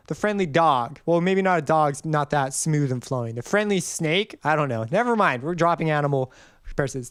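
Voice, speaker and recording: A man's voice: on the high side, smooth, no room sound. A man hosting a casual music theory tutorial, explaining in a loose, rambling way and singing notes to show each marking. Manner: loose, rambling explanations, sings note examples. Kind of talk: casual screen-recorded tutorial.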